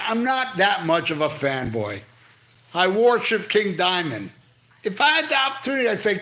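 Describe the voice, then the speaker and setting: A man's voice: sits high, normal speed. An older man hosting a casual livestream, reading comments and ranting bluntly with lots of swearing while on pain medication. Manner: blunt, profane, animated ranting. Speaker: livestream host.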